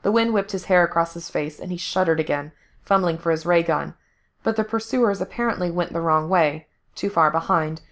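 A woman reads fiction aloud as narrator, in a steady, even storytelling voice. Her pitch sits somewhat low for a woman. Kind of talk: fan fiction reading.

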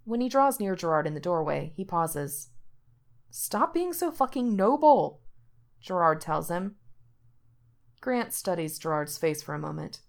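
A woman's voice: sits low, expressive, moderate pace, gravelly. A woman reading a story aloud as narrator, shifting her voice slightly for the characters' lines. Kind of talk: audiobook reading of fiction.

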